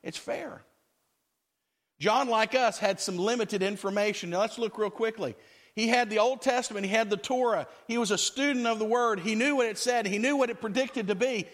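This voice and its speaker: High-voiced man preaching a sermon. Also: moderate pace. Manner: conversational preaching with acted-out quotes. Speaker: pastor.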